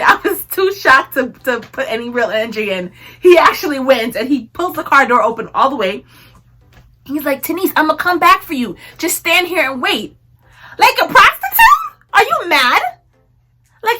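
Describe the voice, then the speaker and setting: A woman's voice: sits high, pushed and bright. A young woman telling a personal story in a casual storytime vlog, laughing often and acting out what people said. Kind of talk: casual storytime while tweezing.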